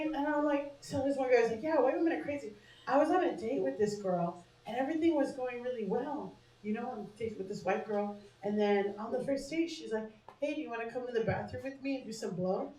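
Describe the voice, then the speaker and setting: A woman's voice: high voice, recorded from a distance. A woman doing stand-up comedy in a small bar, talking brashly and conversationally and laughing at her own jokes. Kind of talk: stand-up set. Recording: echoey bar room with laughing crowd. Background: audience laughter.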